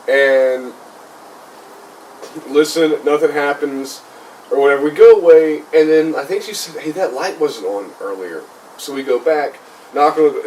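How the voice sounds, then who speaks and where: With a slightly high, slightly mellow voice, a young podcast host rambles through a comedic ghost story, saying "like" over and over. Faint noise and a somewhat distant mic mark the recording.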